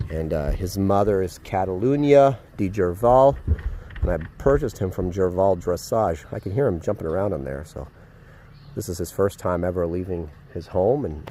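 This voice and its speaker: A man vlogging casually outdoors at a horse paddock, excited and chatty, with lots of fillers, filmed on a handheld phone. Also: sits low, slight background noise. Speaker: vlogger, dog trainer. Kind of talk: casual vlog to camera.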